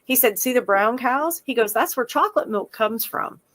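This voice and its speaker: Animated, fairly high-voiced woman telling stories. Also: normal speed. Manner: animated storyteller, acts out quoted voices. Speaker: podcast co-host. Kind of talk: casual chat.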